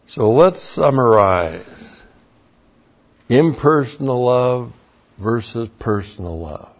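A man's voice: mid-range voice, animated, slow, muffled recording. A man preaching a sermon, emphatic and blunt, with mocking asides.

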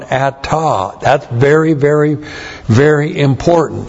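Slow, emphatic preacher man. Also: medium pitch, lo-fi sound. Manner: slow, emphatic Bible teaching with repeated stresses. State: strained voice, coughing. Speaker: pastor. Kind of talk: sermon.

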